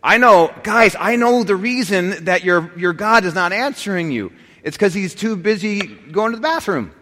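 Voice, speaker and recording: A man's voice: high voice, animated, normal speed, sharp tone, pitched above the performer's own voice. A man voicing a scornful male prophet who mocks his rivals in an exaggerated way. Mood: mocking. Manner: mocking, exaggerated. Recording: long hall reverb.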